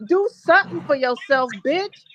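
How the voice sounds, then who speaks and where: High-voiced woman ranting on a livestream. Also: expressive, normal speed, highs cut off, slight background noise. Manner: profane, blunt ranting. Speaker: livestream co-host. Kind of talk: heated live-stream commentary.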